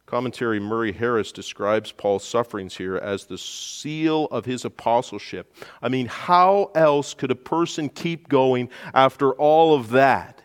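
A man's voice: measured pace, smooth, big-room sound. A man preaching a verse-by-verse sermon as pastor, who lifts his voice sharply to stress key points. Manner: emphatic, rises in pitch and volume to stress points. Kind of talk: expository sermon.

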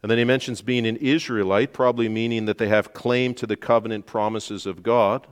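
A man's voice: fairly even intonation, fairly quick, clear, resonant tone, long reverb tail. A man preaching a verse-by-verse sermon as pastor, who lifts his voice sharply to stress key points. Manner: emphatic, rises in pitch and volume to stress points. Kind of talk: expository sermon.

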